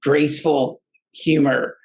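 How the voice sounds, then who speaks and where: A man's voice: a little high, flat delivery, low-quality recording. A man telling a personal story in a casual, rambling way, often stopping and restarting his sentences. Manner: halting and rambling, many restarts. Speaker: guest storyteller.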